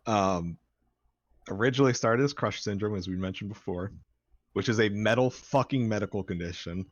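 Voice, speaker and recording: A man's voice: lowish voice, moderate pace, no echo, muffled recording. A man chatting casually on a live stream about his band's song, rambling and swearing freely. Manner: rambling, profane, excitable. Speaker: band member.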